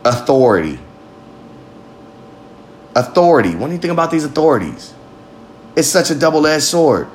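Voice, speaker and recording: A man's voice: on the high side, very animated, normal speed, pauses often, a little hiss or hum. A man hosting a podcast, talking in a rambling, profane, emphatic monologue. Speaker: podcast host. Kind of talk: casual monologue.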